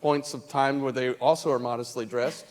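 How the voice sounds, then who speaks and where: At a youth convention in a large hall, a man with a steady, medium-pitched voice tells a shared story on stage with his wife at a moderate pace, amid playful, teasing interruptions. The recording carries long hall reverb and faint ambience.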